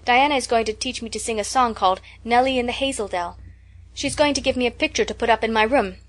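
A woman's voice: fairly high pitch, fast talker, pitched above the performer's own voice, lightly acted. Woman narrator doing an eager, romantic young girl; gushing chatter, storybook audiobook. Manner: gushing, breathless enthusiasm.

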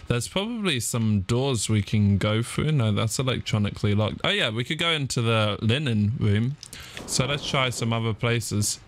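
A man's voice: expressive, normal speed, a little hiss or hum. Panicky young man narrating a horror game. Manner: panicky, exclamatory, jumps to shrill yelps when startled. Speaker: gaming streamer. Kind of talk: let's play commentary. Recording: game sounds and clicks behind the voice.

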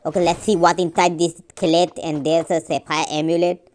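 A woman's voice: on the low side, flat delivery, normal speed, darkish tone, slight background noise. A woman giving rambling casual commentary while playing a game, often correcting her own slips. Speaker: gamer.

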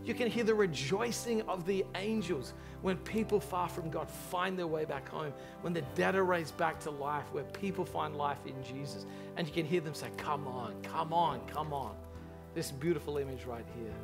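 A man preaching a sermon as pastor to a large church congregation, impassioned and animated in his storytelling. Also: a little high, moderate pace, gravelly, hardly any pauses, over music.

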